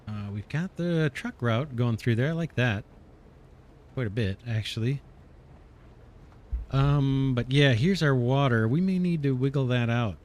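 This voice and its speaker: A man hosts a let's play, musing aloud and correcting himself as he builds, his voice a little worn as he's slightly losing it. His voice is medium-pitched with a darkish tone, and there's slight background noise in this casual gameplay commentary.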